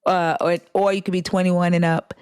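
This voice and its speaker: A woman's voice: on the low side, little pitch movement, moderate pace, darkish tone, clean tone, dry recording, clean studio sound. A woman hosting a live stream, blunt and teasing. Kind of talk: casual live-stream chat.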